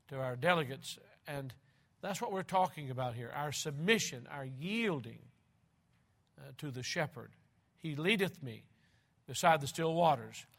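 A man delivers a sermon in a fairly high, bright and forceful voice. He leans hard on repeated phrases, slowing right down for emphasis. He moves between loud and hushed passages. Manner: emphatic, slow and deliberate, repeating key phrases. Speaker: preacher.

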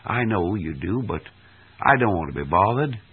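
A man's voice: lowish voice, animated, moderate pace, breathy edge. A man preacher voicing a grown son who curtly refuses to let his mother in. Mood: dismissive. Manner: curt, brushing off. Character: cold, dismissive grown son. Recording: tinny old archive recording.

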